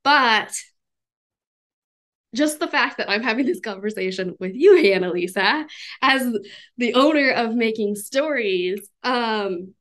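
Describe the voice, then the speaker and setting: A woman's voice: fairly high pitch, expressive, measured pace, a bit bright. Thoughtful woman hosting a podcast. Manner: thoughtful, with fillers and laughs. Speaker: podcast host. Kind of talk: casual interview chat.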